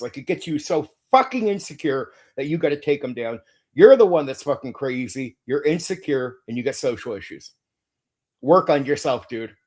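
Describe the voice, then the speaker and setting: A man's voice: on the high side, darkish tone. A man hosting his own stream, ranting in a defensive, indignant way, swearing constantly and stumbling over restarts. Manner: profane, repetitive, frequent stammered restarts. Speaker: channel host. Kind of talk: heated livestream rant.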